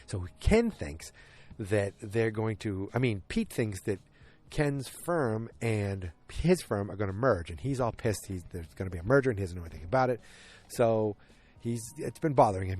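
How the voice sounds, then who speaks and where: Low-voiced rambling male podcast host. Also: moderate pace. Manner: rambling, frequent self-corrections and restarts; animated when retelling scenes. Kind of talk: casual solo episode recap.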